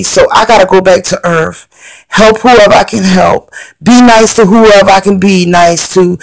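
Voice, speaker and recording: Gravelly earnest woman telling her story. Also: mid-range voice, no room sound, poor audio. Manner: earnest, repeats phrases, addresses viewers directly. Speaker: storyteller recounting a near-death experience. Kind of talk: personal testimony to viewers.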